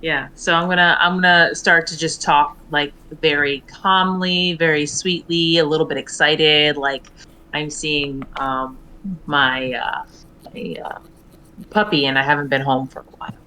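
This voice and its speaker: A woman playing a tabletop game online, hesitant and filling pauses with ums. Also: low voice, steady tone, pushed and bright, smooth. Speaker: player.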